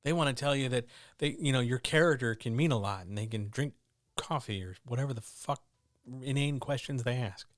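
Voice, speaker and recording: A man's voice: mid-range voice, brisk, dry recording. Blunt, earnest man on a dry mic. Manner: blunt, earnest, swears freely. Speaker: streamer host. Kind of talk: candid motivational monologue. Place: at home with his cats. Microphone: talking into a microphone.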